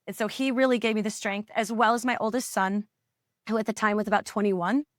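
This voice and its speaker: Une mère d'une quarantaine d'années, coach parentale, livre son témoignage avec franchise et émotion. Sa voix de hauteur moyenne est enregistrée au plus près, dans un son sec. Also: female voice, mid-range voice, fairly even intonation, fairly quick, dry recording, studio quality. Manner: earnest and emotional, acts out remembered dialogue. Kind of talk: candid personal storytelling in a podcast interview.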